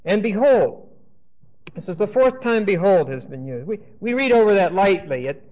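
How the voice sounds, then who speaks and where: A man with a fairly high voice leads a Bible lecture, reading verses aloud and quizzing his class. He keeps checking in with an "okay?" as he goes. The recording is dull and lo-fi. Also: sing-song, a little fast. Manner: checks in with the class, asking questions and saying "okay?"; reads scripture aloud and explains it. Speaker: Bible teacher.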